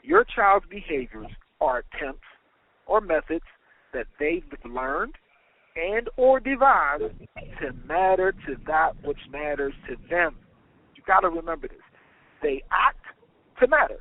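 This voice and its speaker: A man's voice: high-pitched, big pitch swings, unhurried, creaky, pauses often, slight background noise. A man from the United States hosting a podcast, telling a story in an emphatic, dramatic way. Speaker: podcast host. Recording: tinny phone-like line.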